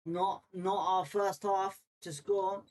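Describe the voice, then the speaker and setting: A man's voice: high voice, little pitch movement, slow, a little mellow. A man hosts a live football watchalong in a loose, conversational way. He gives blunt, confident opinions and talks straight to his viewers as he works through their comments. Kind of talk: casual live match watchalong chat, reading viewer comments.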